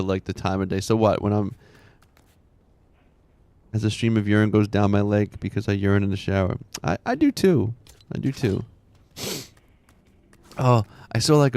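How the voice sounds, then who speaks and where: Gravelly low-voiced man rambling on stream. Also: a little mellow, no room sound. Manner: rambling, laughs often, mutters to himself. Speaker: game streamer. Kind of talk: casual chat while streaming gameplay.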